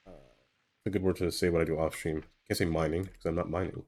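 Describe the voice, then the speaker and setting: A man's voice: sits low, little pitch movement, brisk, darkish tone. A man streaming live, chatting casually to himself as he builds in a game, rambling and trailing off into fillers.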